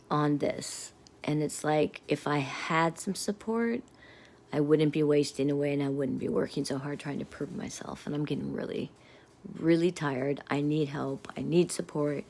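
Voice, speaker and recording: Low gravelly angry middle-aged woman. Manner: rambling and agitated, often dropping to a muttered whisper. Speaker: vlogger. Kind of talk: angry personal rant to viewers.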